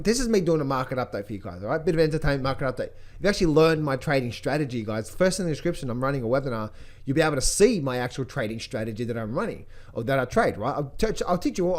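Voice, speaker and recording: Excitable male trading host, lively pitch, slightly high, repetitive and playful. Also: brisk. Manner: excitable, repeats phrases, jokey chipmunk impressions. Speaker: trading educator giving a market update. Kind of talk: animated casual market commentary.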